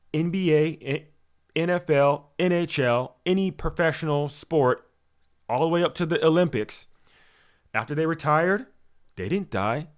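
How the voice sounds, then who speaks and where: A spiritual coach with a slightly high voice gives an animated, preachy motivational teaching talk. Rhetorical questions, fillers, repeated words and stumbling restarts run throughout. He shifts suddenly from loud emphasis to softer asides.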